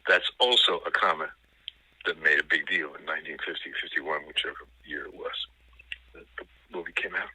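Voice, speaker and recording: A man talking as a film critic guest in a casual film discussion, thoughtful and analytical, pausing often to find his words. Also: a bass voice, steady tone, bright, forceful tone, husky, no room sound, poor audio.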